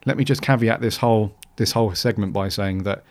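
A man's voice: on the low side, brisk, a little mellow. A man hosting a podcast, talking casually and rambling with many restarts and fillers. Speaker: podcast host.

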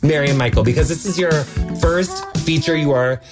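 A man's voice: a little high, fairly quick, music in the background. A man hosting a casual interview, playful and teasing as he asks his questions. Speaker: interview host.

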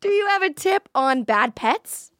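A woman's voice: sits high, lively intonation, a little slow, fairly bright tone. A young woman hosting a comedic podcast, chatty and easily amused. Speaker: podcast host. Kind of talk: casual chat.

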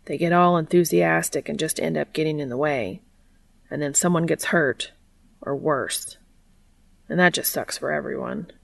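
A woman voicing a gruff, blunt adult male ghost hunter in a read-aloud story. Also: deep voice, normal speed, no echo, heavily acted. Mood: wry. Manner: blunt, wry.

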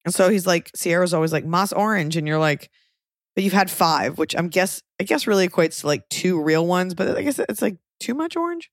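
A young woman hosting a podcast, telling stories in a wry, animated way with acted-out quotes. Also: lowish voice, fairly quick, dry recording, studio quality. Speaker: podcast host. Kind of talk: casual chat.

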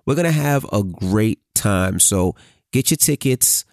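A man's voice: lowish voice, measured pace, gravelly, no room sound, studio quality. A man co-hosting a casual podcast, telling stories animatedly with the odd curse. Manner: animated storytelling, swearing, hums sound effects. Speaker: podcast co-host. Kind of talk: casual chat.

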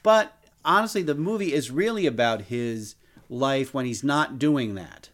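A man's voice: medium pitch, expressive, a little slow, fairly bright tone. A man co-hosting a podcast, reviewing films in casual chat with wry, playful humor. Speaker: podcast co-host.

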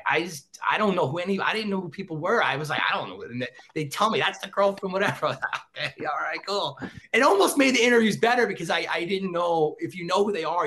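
A man's voice: on the high side, slight background noise. A man in his thirties telling stories in a casual interview, acting out what people said. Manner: animated, acts out quotes in voices. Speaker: guest, former celebrity cameraman. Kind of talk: casual storytelling.

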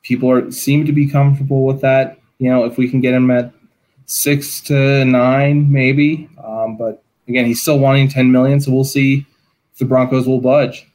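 A man co-hosting a casual sports podcast, speaking with lots of pauses and fillers. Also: mid-range voice, little pitch movement, a little mellow. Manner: hesitant, many fillers. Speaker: podcast co-host.

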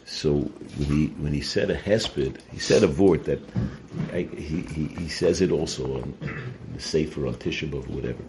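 A man's voice: very deep voice, moderate pace. A man teaching a weekly Torah portion class, earnest and explanatory, often restarting and repeating his words. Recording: noisy recording.

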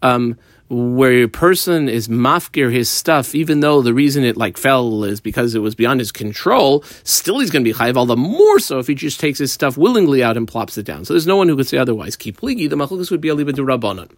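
Lively casual Talmud teacher, dry sound. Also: male voice, medium pitch, brisk, dry recording. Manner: explains text line by line, mixing Aramaic terms, casual asides. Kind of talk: daf study lesson.

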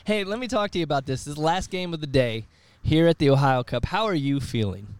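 Teasing higher-voiced color man. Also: expressive, fast, smooth, no echo. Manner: teasing, banter. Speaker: color commentator. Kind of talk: casual color commentary.

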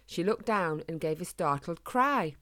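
A woman reading a children's storybook aloud in a gentle, measured way. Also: on the low side, lively intonation.

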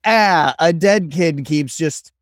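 A man co-hosting a casual podcast, reviewing a bad movie with quick, laughing, hyperbolic talk. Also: mid-range voice, no room sound, studio quality. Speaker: podcast co-host.

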